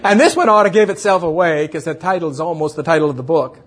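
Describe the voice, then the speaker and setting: A man preaching a sermon, reading scripture in a measured way and quizzing his congregation playfully. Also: fairly high pitch, animated, fairly bright tone, slightly rough. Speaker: pastor.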